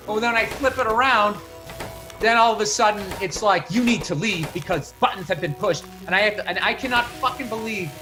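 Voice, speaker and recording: A man's voice: sits high, normal speed, over music. A man telling a long profane story in casual podcast chat, getting fired up as he rants. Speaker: podcast guest comedian.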